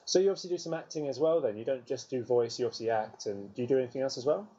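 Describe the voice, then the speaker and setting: A woman interviewer with a strikingly low, mellow voice asks brisk, encouraging questions. The recording is dull and lo-fi, with a faint hiss underneath. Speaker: interview host.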